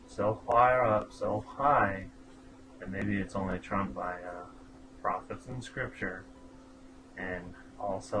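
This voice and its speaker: A man with a lowish voice gives a wry, teasing birthday message that turns earnest. He is in a small room with clear background noise behind him. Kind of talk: personal video message.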